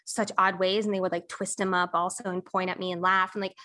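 A young adult woman, a podcast guest and coach, telling a painful personal story candidly, with many pauses and fillers. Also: on the low side, level tone, sharp tone.

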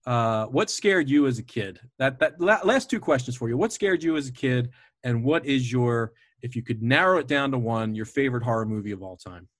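A man's voice: mid-range voice, expressive, a little fast, dry recording, studio quality. A man hosting a podcast, chatting casually and eagerly, often digressing and laughing, over a remote call. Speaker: podcast host. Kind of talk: casual chat.

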